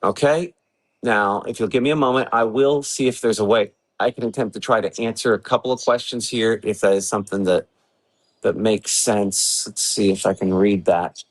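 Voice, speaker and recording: In this low-quality recording, a weather forecaster livestreams a severe weather briefing from his home early in the morning. His lowish voice keeps a steady tone at a moderate pace, and he chats casually, using fillers as he thinks aloud over the maps.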